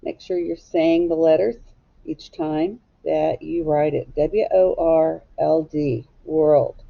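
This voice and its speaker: A woman teacher walks young children through a recorded phonics lesson, spelling each word slowly and deliberately. Her voice has a gravelly, creaky edge, and the recording sounds dull and lo-fi. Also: low voice, fairly even intonation.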